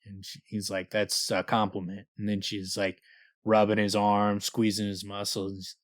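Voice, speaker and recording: A man's voice: lowish voice, monotone, measured pace, no room sound, clean studio sound. A man co-hosting a book podcast in casual chat, reading passages aloud and laughing often. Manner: reads passages aloud with small character voices, laughs often. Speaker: podcast co-host.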